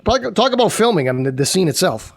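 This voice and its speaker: A man hosting an interview show, asking questions in a halting way with many restarts and laughing along with his guest. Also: sits high, very animated. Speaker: podcast host. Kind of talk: interview questions, casual chat.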